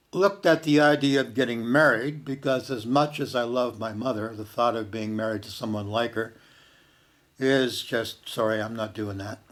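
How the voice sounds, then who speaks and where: An older man from Canada telling a personal story in a slow, reflective way, dropping to a hush for quoted words. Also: mid-range voice.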